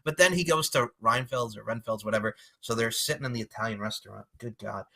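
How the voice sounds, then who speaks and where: Recapping a movie on the podcast he co-hosts, this man talks quickly in a creaky, medium-pitched voice. The chat is casual and animated, with plenty of profanity and acted-out character lines.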